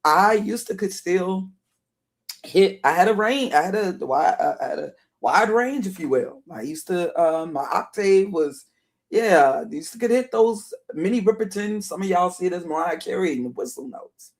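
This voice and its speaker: A middle-aged woman with a deep alto voice, hoarse and worn, rambling through casual live-stream commentary and greeting viewers by name. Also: lively intonation, normal speed. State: hoarse, voice wearing out.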